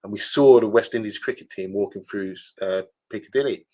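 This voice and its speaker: Low-voiced chatty man on a live stream. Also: fairly quick, warm tone. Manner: chatty, reads viewer comments aloud, laughs easily. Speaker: podcast co-host. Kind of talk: casual live-stream chat.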